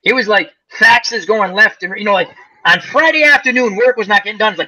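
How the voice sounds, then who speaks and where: Bright-voiced rambling man host. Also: high voice, fast, low-quality recording. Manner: rambling storyteller, many fillers. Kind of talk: casual chat.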